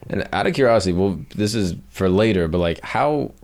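A man's voice: low-pitched, lively intonation, brisk, a little mellow. A man hosting a casual interview, asking short follow-up questions. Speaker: podcast host.

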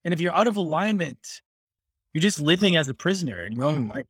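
A man's voice: fairly high pitch, very animated, a little fast, breathy edge, dry recording. A man hosting a casual interview, affirming his guest and talking conversationally. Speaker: podcast host.

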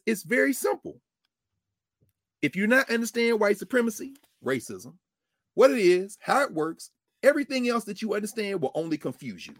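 A middle-aged man lecturing as a professor and show host, preacherly, with vernacular speech and big swings between loud and low. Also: dry recording, clean studio sound. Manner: uses African American vernacular. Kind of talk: lively lecture to an audience.

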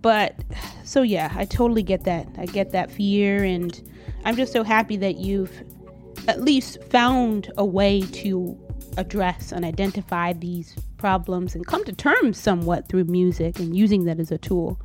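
Woman hosting a chat over a call, reassuring and easygoing, soft music behind. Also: mid-range voice, unhurried. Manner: warm, supportive, reassuring. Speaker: host. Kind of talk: casual interview chat. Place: home in a city, remote call.

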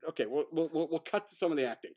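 A man with a high, bouncy voice that swoops up and down, chatting casually about movies. He gets worked up, swears freely and breaks into laughs. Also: racing. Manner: excitable, swears often, laughs a lot. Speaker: podcast co-host. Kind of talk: casual film review chat.

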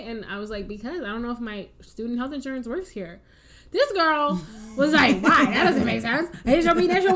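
A young woman with a high voice tells a story in an easy, chatty way. She acts out every quote, jumping up and down in pitch as she plays each person. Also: fairly bright tone. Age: young adult. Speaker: podcast co-host. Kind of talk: casual storytelling chat.

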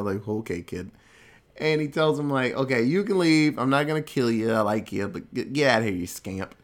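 A man in casual chat, recapping a film with a jokey, laid-back manner and quick acted-out asides. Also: medium pitch, lively intonation. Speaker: podcast host recapping a film.

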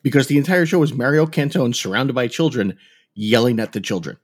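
A man's voice: medium pitch, brisk. A man in his thirties chatting casually in a wry, rambling way. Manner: wry, rambling, laughs easily. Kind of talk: casual chat.

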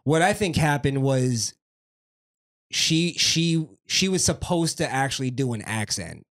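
A man's voice: medium pitch, lively intonation, unhurried, a bit bright. A man co-hosting a podcast in casual chat, joking crudely and laughing often. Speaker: podcast co-host.

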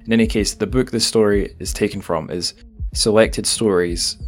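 A man's voice: on the low side, fairly even intonation, normal speed, soft background music. Chatty Scottish man hosting a podcast. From Scotland. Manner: chatty, self-deprecating, with frequent restarts and asides. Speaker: podcast host. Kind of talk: casual podcast monologue.

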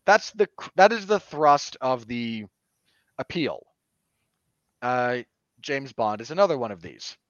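A man co-hosting a podcast, talking through a film review in an animated, opinionated way with sudden emphatic jumps. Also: medium pitch, a little slow, pauses often, no echo. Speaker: podcast co-host. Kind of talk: casual film review chat. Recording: dull, dry lo-fi podcast audio.

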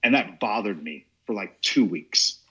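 A man on a podcast as a guest, telling a comic story in an animated way. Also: fairly low pitch, a little slow, husky. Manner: animated, laughs as he tells it. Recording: dull lo-fi audio.

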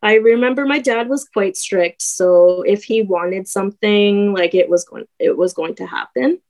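Young woman recounting, halting and filler-heavy. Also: medium pitch, darkish tone, poor audio. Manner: hesitant, many fillers and restarts. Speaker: guest. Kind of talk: personal story in a podcast conversation.

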